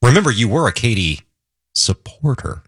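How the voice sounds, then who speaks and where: A man's voice: medium pitch, sing-song, fairly bright tone, husky, no echo, studio quality. A man co-hosting a political talk radio show, bantering and explaining ballot issues. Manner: bantering, quick asides. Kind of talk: casual political chat.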